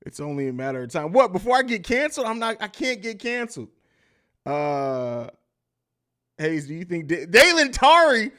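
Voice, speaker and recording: A man's voice: sits high, sing-song, normal speed, a bit bright. A man hosting a live sports podcast stream, talking loosely and profanely, laughing often and reading viewer comments aloud. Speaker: podcast host. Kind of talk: casual live-stream chat.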